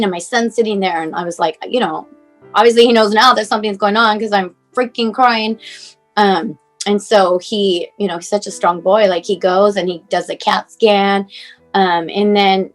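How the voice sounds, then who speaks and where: A woman's voice: medium pitch, steady tone, normal speed, faint music behind. A woman in her forties, a mother telling her son's story in a rambling, emotional way, full of fillers, acting out what others said to her. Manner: rambling, many fillers, acts out phone calls.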